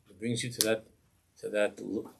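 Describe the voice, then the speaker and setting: A man's voice: lowish voice, flat delivery, moderate pace, creaky, a bit bright, a little hiss or hum. A man, a rabbi giving an impassioned Torah class in a synagogue, pleading with rhetorical questions.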